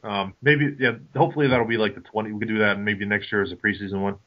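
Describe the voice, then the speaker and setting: A man's voice: on the low side, fairly even intonation, quick pace, muffled recording. A man co-hosting a casual sports podcast, teasing the others and steering the talk. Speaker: podcast co-host and moderator. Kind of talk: casual chat.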